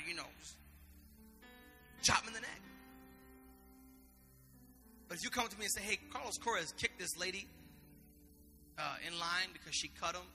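Impassioned high-voiced bright preacher. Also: male voice, in a large hall. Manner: impassioned, conversational preaching with repetitions. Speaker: pastor. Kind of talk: sermon.

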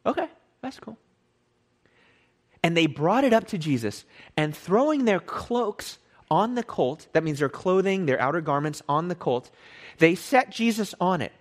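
A man teaches from the Bible in a loose, sermon-like way, animated and chatty, often repeating himself and correcting what he just said. His voice is fairly high, and he keeps a moderate pace.

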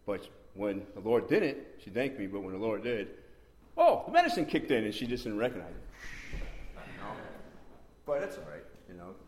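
A man with a lowish voice tells a church testimony in a loose, rambling way, circling back over the same phrases and now and then leaping into excited outbursts. The sound is roomy and echoey, with a faint hum of the space around him. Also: moderate pace. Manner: rambling and repetitive, with sudden excited bursts. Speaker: church member giving testimony. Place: church meeting room. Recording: roomy echo.

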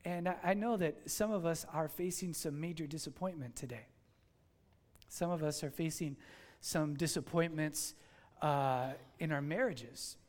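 A male pastor preaching a sermon, telling a story in an animated, conversational way. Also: on the high side. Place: church in Miami.

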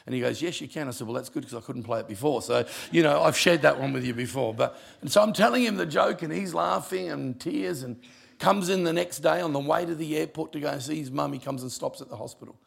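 A middle-aged man preaching a storytelling sermon, mixing jokes with hushed, emotional passages. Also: fairly high pitch, quick pace. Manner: gravelly voice, humorous, drops quiet for emotional moments. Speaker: pastor.

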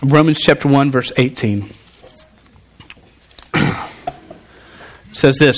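A man preaching a sermon, talking to the congregation in an animated, conversational way with frequent restarts. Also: medium pitch, slow pace, long pauses.

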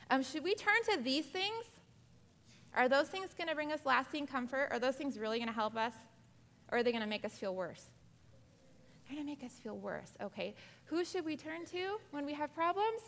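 Woman teacher, animated Bible class, questions the kids, lingering room echo. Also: sits high. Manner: asks the class many questions; animated, acts out quotes. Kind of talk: Bible lesson to girls.

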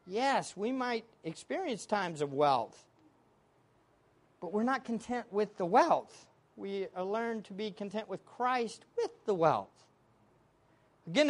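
Emphatic female preacher, high and very animated, call-and-response style. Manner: emphatic, asks the audience questions and answers them herself. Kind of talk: sermon.

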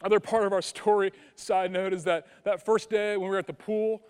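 A man preaching a sermon as pastor, animated and conversational, sinking into hushed prayerful tones at times. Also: high voice, brisk, clean tone, long reverb tail. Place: church sanctuary.

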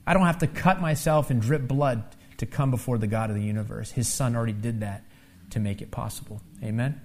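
Delivering his sermon in a lively, chatty way, this pastor drops in asides and tag questions and rises loud when acting out the taunts. He speaks a little fast in a mid-range voice.

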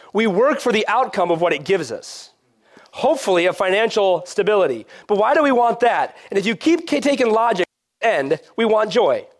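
A middle-aged pastor preaching a casual, conversational sermon that moves between animated and quiet passages. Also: male voice, medium pitch.

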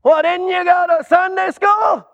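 A man voicing a brusque male gatekeeper at heaven's gates who loudly interrogates a newcomer. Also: very high voice, fairly even intonation, a little slow, long reverb tail, highs cut off, pitched above the performer's own voice, exaggerated voice. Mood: interrogating. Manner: loud, incredulous, interrogating.

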